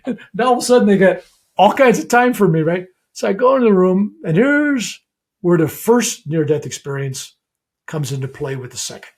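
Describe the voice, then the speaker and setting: Brief: older male reverend, gravelly, animated storyteller. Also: high voice, moderate pace. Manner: animated, acts out dialogue in retellings. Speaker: guest, reverend. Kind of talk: storytelling in a podcast interview.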